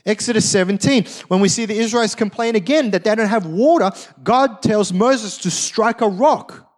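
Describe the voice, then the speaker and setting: A male preacher with a notably high voice delivers a sermon. He tells stories with animated energy, acting out quotes in different voices as he goes. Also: normal speed. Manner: animated storytelling, acts out quotes. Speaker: pastor.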